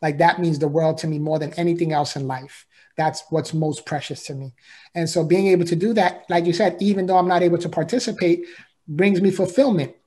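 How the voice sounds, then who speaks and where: A man's voice: on the high side, fairly even intonation, brisk, mellow. Earnest man telling a heartfelt story. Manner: earnest, heartfelt, with frequent repetitions and "right?". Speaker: podcast guest. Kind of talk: emotional personal storytelling.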